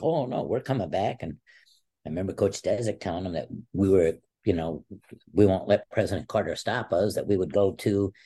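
A man in his sixties, an interview guest telling a long story in a casual way, acting out what others said. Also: husky. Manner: animated storyteller, acts out quotes with a raised pitch. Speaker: interview guest, former wrestler.

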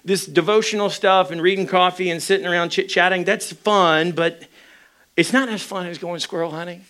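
A man's voice: sits high, steady tone, moderate pace, bright, forceful tone. Candid storytelling male pastor. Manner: candid, self-deprecating humor. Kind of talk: storytelling sermon.

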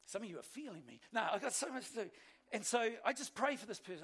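A male pastor, preaching a sermon with animated, self-deprecating storytelling. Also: high-pitched, fast, gravelly, slightly rough.

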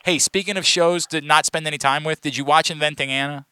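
A man co-hosting a casual chat and telling stories with animated, emphatic delivery. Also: fairly high pitch, quick pace, clear, resonant tone, no room sound.

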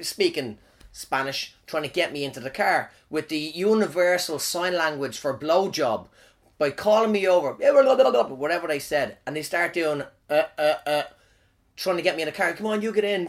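A man's voice: a little high, animated, moderate pace. Swearing man telling crude stories. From Ireland. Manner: crude, swearing, rambling with restarts. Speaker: podcast host. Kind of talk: casual comic storytelling monologue.

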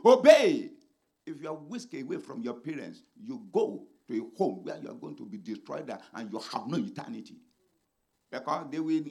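A man's voice: medium pitch, gravelly. Fiery preaching man. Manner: dramatic, swings between shouting and hushed speech. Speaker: pastor. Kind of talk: sermon.

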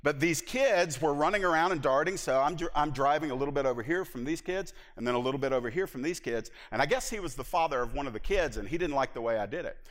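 A middle-aged man preaching a sermon as pastor, telling stories in an animated way with laughs and acted-out asides. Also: on the high side, fast talker, few pauses. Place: church sanctuary. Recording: hall reverb from a church.

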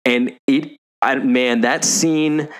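A man co-hosting a podcast who steers the conversation and retells a film scene in an animated way, correcting himself as he goes. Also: medium pitch, slow. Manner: animated storytelling, self-correcting recaps. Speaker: podcast co-host. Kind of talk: casual movie discussion chat.

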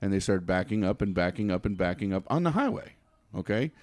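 Man telling a story, lively pitch. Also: no echo. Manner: halting, repeats words, laughs through the story. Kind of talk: casual anecdote.

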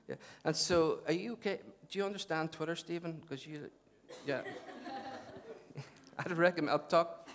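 A man preaching a sermon as pastor, chatty and lively with joking asides, then reading Scripture aloud. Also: fairly high pitch, unhurried.

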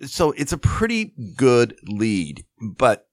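A man co-hosting a podcast, arguing political points in halting restarts. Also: medium pitch, huge pitch swings, no echo. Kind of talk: casual political chat.

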